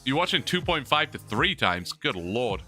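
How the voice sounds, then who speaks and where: A man's voice: mid-range voice, big pitch swings, normal speed, pushed and bright, faint music behind. A young man chatting casually on a long livestream, rambling, reading chat and laughing often, his mouth sore from talking.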